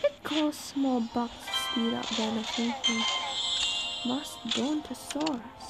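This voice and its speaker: Excitable high young-sounding woman gamer. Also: slow pace, gravelly, poor audio. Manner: excitable, exclaims at the game. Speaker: gaming video creator. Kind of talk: casual gameplay commentary. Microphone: computer microphone. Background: loud game music.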